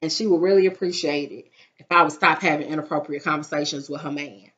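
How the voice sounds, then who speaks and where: Animated young woman, bright lo-fi voice. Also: sits low, quick pace. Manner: animated, dramatic retelling with acted-out quotes. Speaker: vlogger. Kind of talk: casual storytime chat. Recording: dull lo-fi sound.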